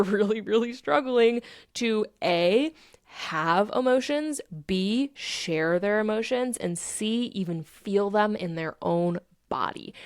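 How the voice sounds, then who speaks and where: Blunt, swearing woman with vocal fry. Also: medium pitch, no echo, studio quality. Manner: blunt, emphatic, swears freely. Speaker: podcast host. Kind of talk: casual motivational monologue.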